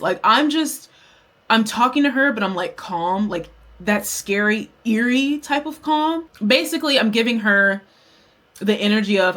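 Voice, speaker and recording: A woman's voice: medium pitch, normal speed. Candid, profane young woman vlogger. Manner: candid, profane, animated storytelling. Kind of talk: storytime while doing makeup.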